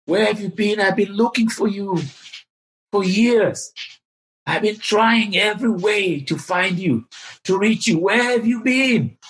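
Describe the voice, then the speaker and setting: Man doing a humble laid-back old gentleman, eager, pleading, a bit higher voice. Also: unhurried. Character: eager, kindly older man overjoyed to reconnect.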